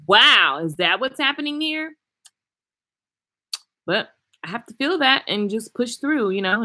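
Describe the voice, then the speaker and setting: A woman hairstylist chatting casually and frankly on a livestream, reading and answering viewer comments with animated swings in loudness. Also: on the low side, husky. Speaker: hairstylist and vlogger. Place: traveling, indoors.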